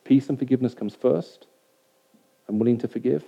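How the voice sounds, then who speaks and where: Male preacher, very dark mellow tone, chatty sermon delivery, dull lo-fi sound. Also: mid-range voice, a little fast, gravelly. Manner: conversational, keeps checking in with the audience. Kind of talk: sermon to a live audience. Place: hall with an audience of about a hundred. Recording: dull lo-fi recording.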